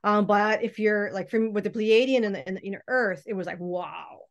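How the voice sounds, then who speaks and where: A woman's voice: medium pitch, brisk, dull audio. A woman speaking as a guest in a casual podcast chat, rambling along with many restarts and hesitations. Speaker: guest mystic. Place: podcast recording, remote or studio.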